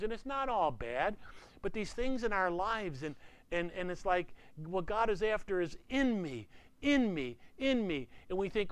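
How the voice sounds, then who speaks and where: A pastor in his sixties delivers a sermon in an easy, conversational way, leaning on "you know" between thoughts. His voice sits a little high for a man. He sinks to a near-whisper when he wants a point to land. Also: sing-song, measured pace, long pauses, fairly bright tone.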